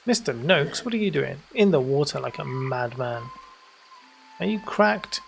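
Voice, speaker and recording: A man's voice: mid-range voice, lively intonation, unhurried, gravelly, faint music behind. A man voicing a young hobbit who scolds a bathing neighbour in incredulous tones.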